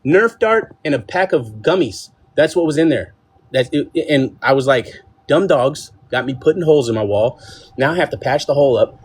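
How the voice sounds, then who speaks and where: A man telling a casual story to his viewers from his home, animated and full of restarts. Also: mid-range voice, normal speed, husky. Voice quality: animated, lots of restarts and "I'm like" quotes. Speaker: vlogger telling a pet story. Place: home, indoors.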